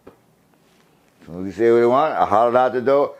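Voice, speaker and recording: An older man from the USA telling stories in a casual interview, animated and profane, laughing as he talks. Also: lowish voice, normal speed, long pauses. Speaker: guest storyteller.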